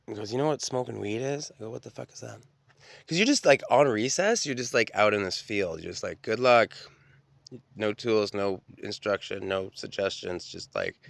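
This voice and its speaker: Gravelly low-voiced man rambling. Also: fairly bright tone, no echo. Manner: profane, stream-of-consciousness storytelling with many restarts. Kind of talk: rambling solo monologue.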